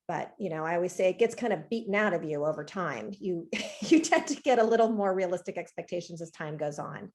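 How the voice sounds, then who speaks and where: Woman, therapist, lowish voice, conversational, reflective. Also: expressive, brisk, hardly any pauses, darkish tone. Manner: conversational, reflective, acts out parents' worries. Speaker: therapist guest. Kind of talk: webinar talk.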